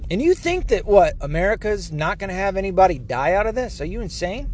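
A man's voice: high voice, big pitch swings, brisk, darkish tone, slight background noise. A man from the United States ranting heatedly and sarcastically to the camera, swearing often. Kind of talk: profane political rant.

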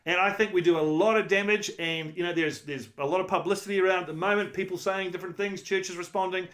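A man's voice: high voice, fairly even intonation, quick pace, a bit bright. A middle-aged man, a pastor preaching a conversational, emphatic sermon with rhetorical questions.

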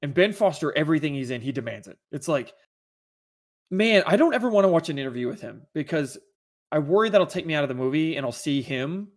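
Podcast co-host, man, slightly high voice, rambly and excited about movies. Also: fast. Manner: rambling, enthusiastic, many restarts. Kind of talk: casual chat about movies.

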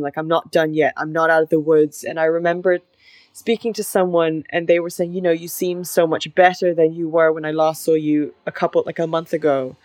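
A woman's voice: on the low side, no room sound. A young woman co-hosting a podcast, talking in a reflective, earnest way and leaning on "like" a lot. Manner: reflective and earnest, heavy use of "like". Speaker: podcast co-host. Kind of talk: casual chat.

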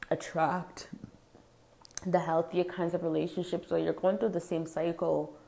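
A woman's voice: low-pitched, mellow, roomy sound. A woman host speaking earnestly and heartfelt in a casual spiritual talk, with many fillers. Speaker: podcast host.

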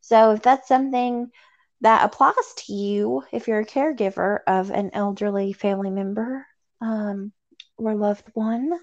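A woman's voice: mid-range voice, steady tone, measured pace, a little mellow. A woman in her thirties from Tennessee with a Southern accent, chatting casually as a podcast co-host in a rambling, self-deprecating way with some swearing. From Tennessee, USA. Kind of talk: casual chat. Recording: dull lo-fi sound.

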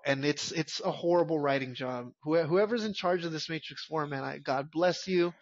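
A man's voice: a little high, normal speed, hardly any pauses. A man co-hosting a movie podcast, talking bluntly and emphatically in casual chat, often swearing. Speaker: podcast co-host. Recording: dull lo-fi audio.

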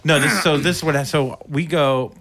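A man's voice: a little high, fairly even intonation, moderate pace, a crowd in the background. A man hosting a podcast, telling a funny story about himself in a casual, self-mocking way and laughing a lot. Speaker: podcast host.

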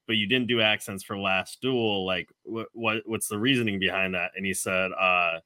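A man's voice: fairly low pitch, fairly even intonation, normal speed, hardly any pauses, bright, forceful tone, dry recording. A man who is a guest film critic in a casual review chat, blunt and profane in how he talks.

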